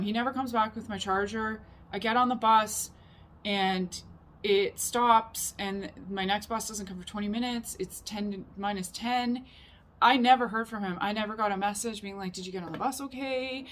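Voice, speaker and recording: A woman talks straight to camera in a confessional vlog, circling back on her thoughts and leaning hard on certain words. Her pitch sits in the middle range. A faint background hiss sits under her voice. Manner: rambling and emphatic, heavy use of "like". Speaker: vlogger.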